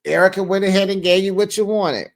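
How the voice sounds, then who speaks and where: A lively recap host, mid-pitched, chatting through a reality show episode. The host scolds the cast directly and jumps into short put-on voices to act out their lines. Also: fast talker. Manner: animated, talks straight to the show's cast. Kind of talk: casual commentary.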